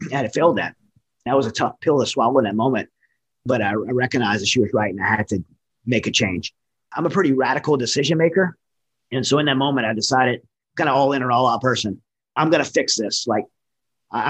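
A man's voice: mid-range voice, husky, low-quality recording. A man who served in the military giving an earnest, candid personal testimony in conversation, often restarting his sentences. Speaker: military veteran guest.

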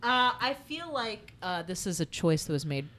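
Woman podcast host, lower-pitched, frank and blunt, steers the chat. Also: sing-song, normal speed, fairly bright tone. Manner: leads the discussion, frank and blunt. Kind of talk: casual chat.

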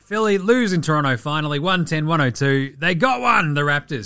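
An Australian man hosting a basketball talk show, chatting casually with profane jokes and quick asides. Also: a little high, expressive, gravelly, bright, forceful tone, no room sound, clean studio sound, soft background music. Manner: profane, joking, rapid asides. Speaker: basketball podcast host. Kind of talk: casual sports chat.

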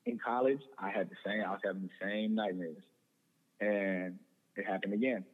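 Young male guest, earnest, stumbling restarts, low voice, phone-thin sound with long reverb. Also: steady tone, normal speed, husky, narrow, tinny audio. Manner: earnest, repeats words and restarts often. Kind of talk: personal testimony in conversation.

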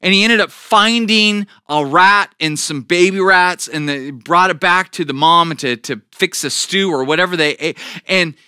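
A man's voice: sits high, normal speed, bright, forceful tone, smooth, dry recording, clean studio sound. A middle-aged man preaching a sermon as a pastor, telling a personal story earnestly with frequent restarts.

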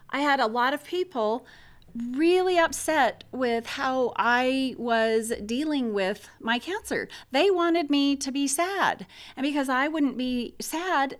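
A woman's voice: high-pitched, fairly bright tone. A middle-aged woman talking casually and bluntly about grief and support, frank and opinionated.

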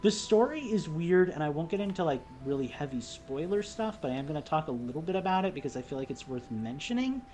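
A woman chats on a casual podcast about games she has been playing. Her delivery is animated and rambling, packed with fillers, and her pitch swings up and down as she gets excited. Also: fast talker, few pauses, a little hiss or hum. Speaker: podcast co-host.

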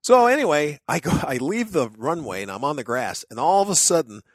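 A man telling stories in casual chat, lively and full of restarts, acting out what others shouted. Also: a little high, brisk, no room sound, studio quality. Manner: animated storyteller, acts out crowd shouts.

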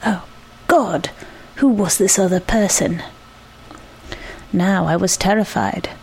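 A woman reading a short story aloud, measured and reflective. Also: mid-range voice, darkish tone, slight background noise. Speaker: narrator.

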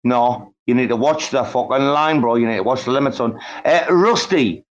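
A man's voice: medium pitch, lively intonation, normal speed, dull audio. A man bantering with heavy swearing in a live audio chat room, teasing others and repeating "bro", "mate" and names. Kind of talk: casual banter.

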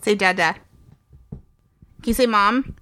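A woman's voice: medium pitch, slow pace, pushed and bright. Playful woman coaxing a toddler. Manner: playful, coaxing, repeats prompts. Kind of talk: casual home recording, prompting a toddler. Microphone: own microphone.

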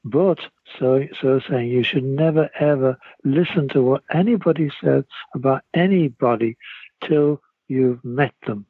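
Husky older Liverpool man on phone. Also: mid-range voice, measured pace, no room sound. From Liverpool, England. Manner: rambling, lively, chuckling. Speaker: interview guest. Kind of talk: anecdotal storytelling. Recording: tinny phone line.

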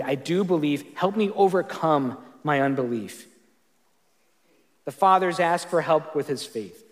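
A man's voice: fairly high pitch, in a large hall. A man preaching a sermon as pastor, earnest and conversational, often restarting his sentences.

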